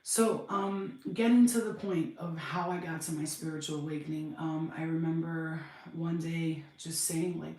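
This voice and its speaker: A woman, telling her life story on a podcast, blunt and animated, acting out other people's voices. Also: sits low, moderate pace, hardly any pauses, far from the mic. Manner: blunt, animated, swears freely, acts out voices. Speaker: podcast host. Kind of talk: casual storytelling monologue. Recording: echoey room, voice off-mic.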